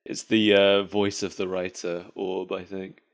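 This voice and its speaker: Chatty podcast man, slightly low voice. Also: completely flat delivery, a little slow. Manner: chatty, rambling, laughs often at his own jokes. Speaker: podcast co-host. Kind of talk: casual chat.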